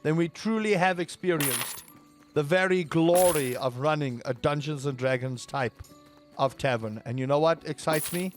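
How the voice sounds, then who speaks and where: A man's voice: normal speed, faint music behind. Playful man commenting on a game. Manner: playful, theatrical, bursts into high panicked yelps. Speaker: gaming video creator. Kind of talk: let's play commentary.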